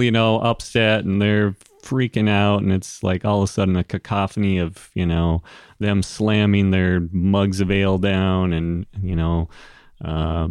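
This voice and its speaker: Game master, male, slow, rambling delivery, dry close mic. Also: sits low, clean tone, no room sound. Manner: relaxed, rambling with fillers and laughs. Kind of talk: narrating a tabletop game.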